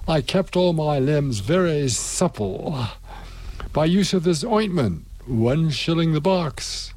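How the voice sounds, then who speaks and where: A man reading the part of a stubborn, gruff old father, drawing his words out slowly. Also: a little high, lively intonation, a little mellow, no room sound, voice pushed up. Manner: slow and drawn out.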